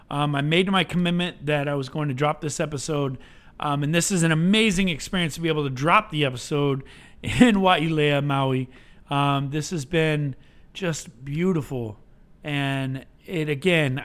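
A man's voice: a little high, a bit bright. A young man hosting his own podcast, talking earnestly and emotionally to his listeners, whom he calls y'all. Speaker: podcast host. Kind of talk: motivational podcast monologue. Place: on vacation on a tropical island.

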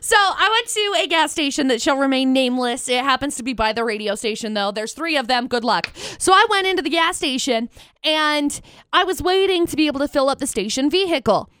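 Woman, radio co-host, bright tone, animated, dry close mic. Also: high voice, brisk, dry recording. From United States. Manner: animated storyteller, laughs easily. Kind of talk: morning radio banter. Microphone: studio microphone.

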